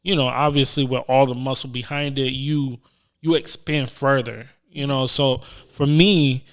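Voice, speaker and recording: A man co-hosting a casual podcast, talking in a relaxed way with lots of fillers and restarts. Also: mid-range voice, a little slow. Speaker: podcast co-host. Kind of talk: casual chat.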